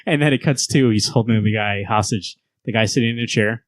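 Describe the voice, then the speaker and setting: A man's voice: lowish voice, brisk, no room sound. A man hosting a casual comic book podcast, retelling scenes in a rambling way and laughing as he goes. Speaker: podcast host.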